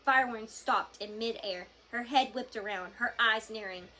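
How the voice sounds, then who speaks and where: A woman reading a children's novel aloud to a class, with expressive storytelling. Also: mid-range voice, moderate pace.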